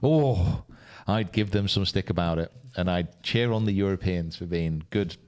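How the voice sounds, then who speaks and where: A man's voice: low-pitched, normal speed, clear, resonant tone. A British man co-hosting a golf podcast, chatting casually and jokily, sometimes slipping into mock voices. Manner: animated, jokey, slips into mock voices. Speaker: podcast co-host. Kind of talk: casual chat.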